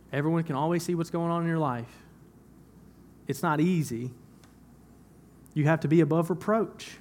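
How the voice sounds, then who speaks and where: Young male preacher, relaxed conversational sermon. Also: a little high. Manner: conversational, repeats phrases, laughs at himself. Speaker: pastor. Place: church.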